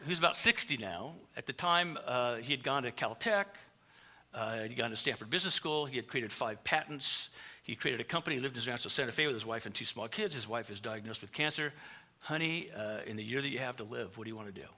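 Middle-aged guy preaching, super bright tone, tells stories and acts out the quotes. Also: medium pitch, brisk. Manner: animated, acts out quoted dialogue. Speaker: pastor. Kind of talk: storytelling sermon.

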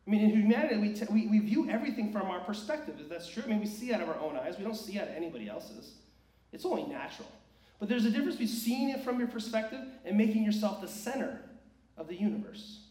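A male preacher with a fairly high voice delivers an earnest sermon, pressing his point with rhetorical questions. He sounds set back from the mic in a reverberant church sanctuary. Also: lively intonation, fast, warm tone. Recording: echoey church hall, distant mic.

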